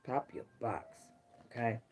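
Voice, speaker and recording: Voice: mid-range voice, a little slow, faint music behind. Preachy middle-aged tarot reader. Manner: rhyming catchphrases, emphatic, preachy. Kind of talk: casual tarot reading to viewers.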